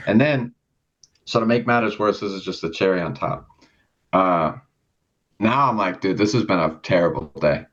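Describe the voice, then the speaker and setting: A man's voice: low-pitched, moderate pace, long pauses, a bit bright. A young man on a podcast telling a rambling story in casual chat, swearing often and acting out the people in it. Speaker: podcast co-host. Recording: dull lo-fi sound.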